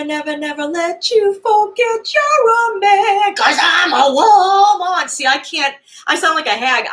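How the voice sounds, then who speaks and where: A woman in her fifties chatting casually in a vlog, rambling and hesitant with many fillers and soft chuckles. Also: on the low side. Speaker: vlogger. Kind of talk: casual nostalgic chat.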